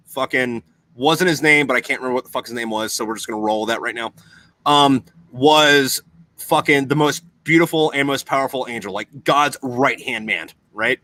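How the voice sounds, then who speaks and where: Bright-voiced, profane rambling man. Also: medium pitch, no room sound. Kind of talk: casual podcast chat.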